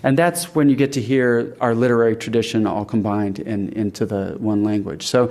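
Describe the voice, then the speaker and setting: A man giving a public talk on language and literary tradition, thoughtful and halting, with fillers and restarts, and reciting Middle English verse aloud. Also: fairly low pitch, steady tone, a little mellow. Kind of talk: public lecture.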